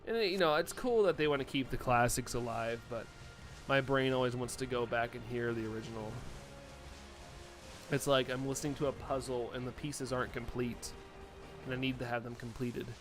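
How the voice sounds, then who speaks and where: A young man streams and talks loosely to his viewers, chuckling often and reacting to what they write. His pitch sits mid-range for a man, and faint music plays behind him. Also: brisk. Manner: chatty, laughs often, reacts to chat messages. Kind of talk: casual live-stream chat.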